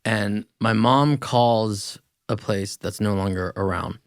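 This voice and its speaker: A man's voice: lowish voice, slow, dry recording, clean studio sound. A man speaking as a guest on a podcast, talking in plain, blunt casual chat.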